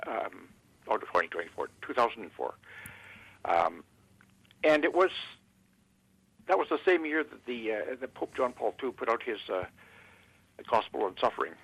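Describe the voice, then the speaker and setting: A man from Canada, a guest in an interview, speaking haltingly with many fillers and restarts. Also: mid-range voice, very animated, a bit bright, slightly rough, dry recording, poor audio.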